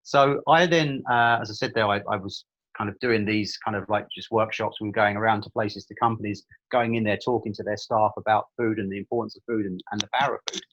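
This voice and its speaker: Fast-talking middle-aged Irish man. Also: on the low side, steady tone, a bit bright, dull audio. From Limerick, Ireland. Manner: chatty storyteller with frequent restarts and humour. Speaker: guest. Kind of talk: casual interview chat.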